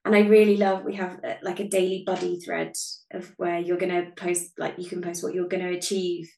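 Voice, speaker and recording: A woman's voice: fairly low pitch, little pitch movement, fairly quick, creaky, warm tone, reverberant, low-quality recording. A woman, a podcast guest chatting casually, bubbly and self-deprecating, laughing often. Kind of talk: casual chat.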